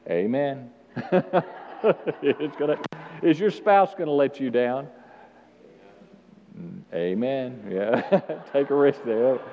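A male pastor preaching an animated sermon with call-and-response to the congregation in a church. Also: mid-range voice, slow pace, long pauses, slight background noise. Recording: dull sound with long hall reverb.

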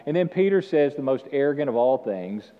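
A male pastor preaching an animated sermon with call-and-response to the congregation in a church. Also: medium pitch, fairly quick. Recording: dull sound with long hall reverb.

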